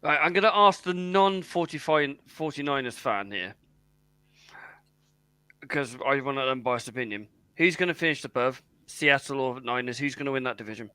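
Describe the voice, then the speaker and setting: British host guy, teasing, smooth and crisp, dry sound. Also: mid-range voice, normal speed, pushed and bright, no room sound. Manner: teasing, laughs easily. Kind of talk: casual podcast chat.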